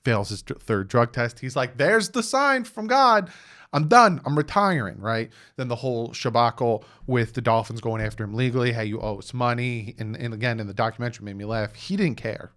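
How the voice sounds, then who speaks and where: A young man hosting his own sports channel, telling a story in a casual, animated way, acting out quotes and tossing in "right?" asides. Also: medium pitch, brisk, few pauses. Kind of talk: casual sports commentary vlog.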